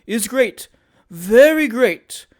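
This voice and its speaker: Mr. Tupman, a plump older gentleman, touchy and quick to take offence, as a reader puts him on. Declaiming, raised and insistent, set back a little from the mic in places, in a storybook reading. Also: mid-range voice, sing-song, voice pushed up. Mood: indignant. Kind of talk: audiobook character reading.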